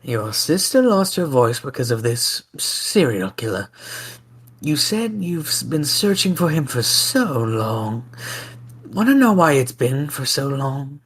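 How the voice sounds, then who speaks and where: A woman's voice: rumbling low, big pitch swings, a little slow, slightly rough, voice pushed down, heavily acted. A woman voicing a smug, sly male warlock in an amateur podcast story reading, with a cool, taunting delivery.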